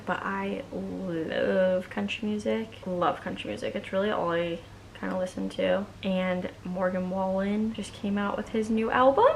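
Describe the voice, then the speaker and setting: A young woman vlogs at home while doing her nails, chatting in a bubbly, casual way and saying "like" constantly. Her voice is medium-pitched, with slight background noise.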